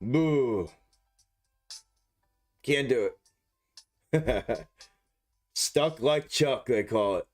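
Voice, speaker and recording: A man's voice: mid-range voice, extremely slow, long pauses, faint music behind. A young man live streaming, rambling casually with heavy slang and lots of swearing. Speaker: stock market live streamer.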